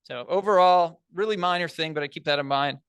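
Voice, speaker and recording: A man with a slightly high-pitched voice gives spoken feedback on a speech to a room full of people. He is encouraging and down to earth, chatting more than lecturing. His voice sounds close and dry, with almost no room sound. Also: a little fast, fairly bright tone, clean tone, no echo. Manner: encouraging, conversational, plain-spoken. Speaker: speech evaluator. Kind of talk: spoken speech evaluation to an audience. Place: large meeting room.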